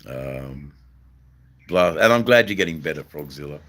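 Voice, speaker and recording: An Australian man hosting a livestream, chatting casually with viewers in a halting way, full of ums and repeated phrases. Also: extremely low pitch, expressive, a bit bright. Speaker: livestream host reading chat. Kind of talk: casual live-stream chat.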